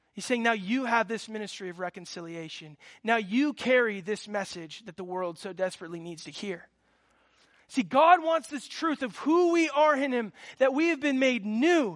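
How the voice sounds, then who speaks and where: A man's voice: very high voice, fairly bright tone. A man in his thirties preaching a sermon, telling a personal story with fervent, earnest delivery. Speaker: pastor.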